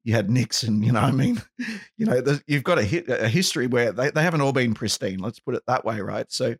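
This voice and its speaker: A man's voice: medium pitch, very animated, fairly quick, breathy edge, no echo, studio quality. A man hosting a casual podcast conversation, rambling and often checking in with "right?". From outside the US. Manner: rambling, with frequent "right?" asides.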